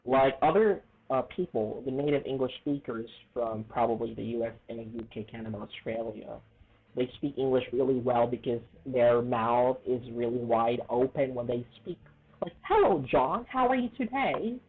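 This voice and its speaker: Male English teacher, chatty and repetitive; husky voice, phone-like audio. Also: mid-range voice, steady tone, moderate pace. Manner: chatty, repeats himself, asks "okay?" and "right?" often. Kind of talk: casual video lesson. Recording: tinny phone-like sound.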